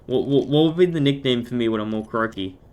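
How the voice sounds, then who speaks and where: A croaky-voiced Australian man streaming a game, rambling and joking as he thinks aloud. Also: mid-range voice, expressive, quick pace, a little mellow. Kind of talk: casual gaming chat.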